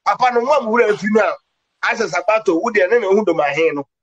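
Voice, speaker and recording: A man's voice: high-pitched, very fast, slightly rough, muffled recording. A man giving an impassioned political commentary, emphatic, with English words mixed into his talk.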